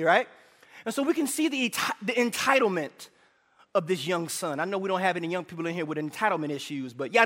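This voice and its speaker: A middle-aged man preaching a sermon in a church, animated, shouting for emphasis and prompting the congregation to call back. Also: high-pitched. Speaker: pastor. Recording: echoey hall reverb.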